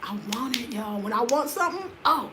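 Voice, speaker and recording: Lively, slangy woman in her fifties. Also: brisk, noisy background. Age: 50s. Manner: energetic, slangy and excitable, swinging from loud laughter to low murmurs. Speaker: vlogger. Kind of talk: casual chat to camera.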